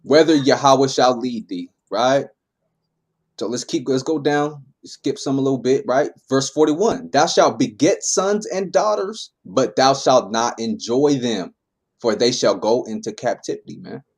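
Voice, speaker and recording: In a medium-pitched voice and at a slightly slow pace, a man guides a Bible class through verses, explaining them in a relaxed, informal way. He regularly checks in with his audience by adding "man" and "right?" to his lines.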